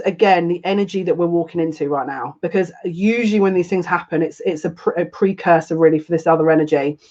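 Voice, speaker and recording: A woman's voice: lowish voice, darkish tone, dull audio. A woman giving a casual live psychic reading to viewers, chatty and rambling, often breaking into laughter. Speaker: psychic reader.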